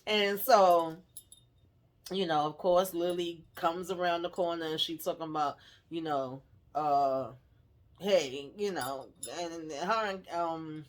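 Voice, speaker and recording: A woman's voice: fairly low pitch, slow. A woman recapping a TV episode in a casual, chatty way, laughing often and acting out the characters' lines. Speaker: TV recap host.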